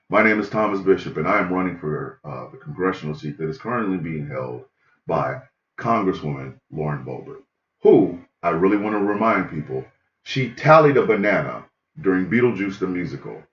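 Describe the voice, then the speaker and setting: A stuffy, deep-voiced candidate drones through a formal debate statement, as a man puts him on. His voice sits far below the performer's own, delivered with mock dignity. The sound is echoey and dull, like a lo-fi room recording. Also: animated, fairly quick. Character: pompous deep-voiced male congressional candidate.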